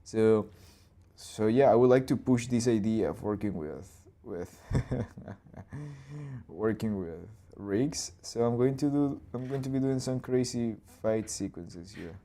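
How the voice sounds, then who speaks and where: Young guy storyboarding live, rambly, goes boom and plop, soft mellow voice. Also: unhurried. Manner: loose and rambling, with sound effects and restarts. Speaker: animator and channel host. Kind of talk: live storyboarding talk-through.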